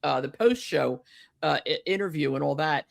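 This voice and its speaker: This woman speaks at a normal speed in a low-pitched voice with vocal fry. As a podcast co-host she chats loosely, fuming about a wrestling match, with lots of fillers and false starts.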